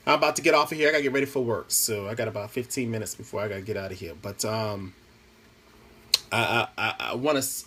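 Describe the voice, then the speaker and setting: A man's voice: medium pitch, fairly bright tone, slight background noise. A man talking into his phone on a live stream from home, chatty and rambling, mixing playful jokes with earnest pleas. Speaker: Facebook Live host. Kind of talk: casual live-stream monologue.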